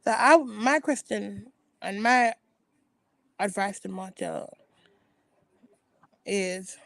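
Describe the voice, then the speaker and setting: Speaking extremely slowly in a creaky, medium-pitched voice, a woman vlogger shares casual opinions. She is emphatic and repetitive, often restarting her sentences, and the audio has no echo.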